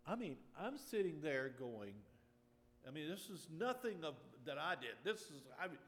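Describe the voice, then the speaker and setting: A man pastor telling a personal story in a sermon, moving from relaxed storytelling to emphatic preaching. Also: on the high side, normal speed. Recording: echoey hall with faint noise.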